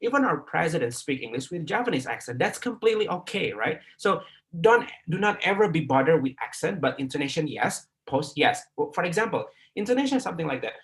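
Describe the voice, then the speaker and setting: A man's voice: fairly high pitch, very animated, fast talker, a bit bright. A middle-aged man from Indonesia with an Indonesian accent, giving a live online English class, full of fillers and repeated words, often checking with "right?".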